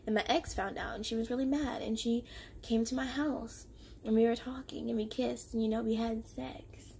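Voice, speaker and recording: This storyteller vlogger is a young woman whose fairly high voice has a gravelly, breathy edge. She casually recounts something that happened to her, performing the quoted lines with animated, confrontational energy.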